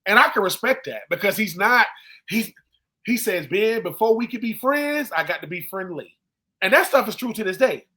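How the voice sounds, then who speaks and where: A man's voice: high voice, moderate pace. A man in his forties co-hosting a sports podcast, telling stories casually and acting out the people he quotes. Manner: animated storyteller who acts out quoted people. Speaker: co-host, former football player.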